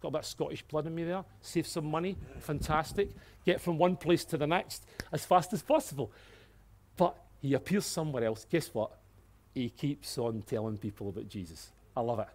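Animated man preaching a sermon. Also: on the high side, normal speed. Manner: animated, swings between hushed and exclaiming; light-hearted asides. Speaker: pastor.

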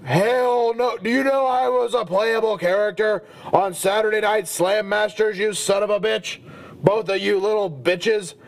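A man playing a gruff, hot-tempered middle-aged brawler who hosts a podcast, talking with crude, profane macho bluster. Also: high voice, steady tone, measured pace. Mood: furious. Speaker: comedy podcast host in character. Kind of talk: comedic character monologue.

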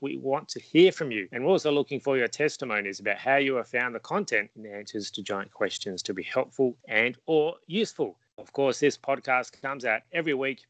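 Man reading a steady podcast outro. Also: medium pitch, no room sound. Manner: steady promotional read. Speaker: podcast host.

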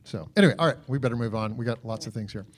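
A middle-aged man co-hosts a casual faith chat. He speaks in an easygoing, self-deprecating way. His voice sits at a middle pitch for a man. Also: very fast. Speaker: co-host.

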